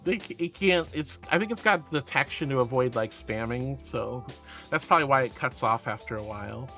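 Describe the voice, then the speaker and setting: A man's voice: mid-range voice, lively intonation, a little fast, pushed and bright, faint music behind. A man streaming casually, playfully and affectionately reading chat aloud.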